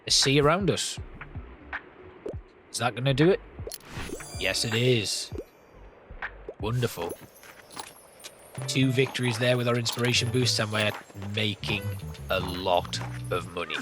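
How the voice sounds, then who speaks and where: A man's voice: mid-range voice, a little slow, long pauses. A man casually commenting on his gameplay, thinking aloud as he plans each move. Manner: thinking aloud, planning, relaxed. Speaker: gameplay host. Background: game music.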